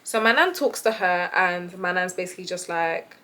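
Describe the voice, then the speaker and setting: A woman's voice: on the low side, lively intonation, moderate pace, few pauses, pushed and bright. A young woman talking to camera, telling a story in a chatty, exasperated way and often addressing her viewers. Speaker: vlogger.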